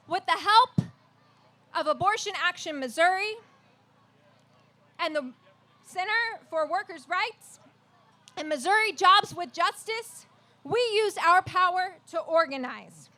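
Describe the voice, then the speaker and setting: A woman activist leader giving an earnest, measured speech at an outdoor rally. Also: very high voice, lively intonation, pushed and bright. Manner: measured, earnest, leads call-and-response chants.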